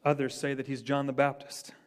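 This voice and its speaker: A man, a pastor, preaching a sermon in an earnest way, rising for emphasis and then dropping low. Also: level tone, brisk.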